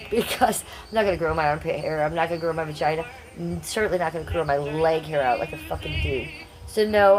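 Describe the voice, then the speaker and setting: Brash, crude woman chatting over music. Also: sits low. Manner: brash, crude and playful, reads comments aloud. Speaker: livestream host reading chat. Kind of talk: casual livestream chat. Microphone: phone.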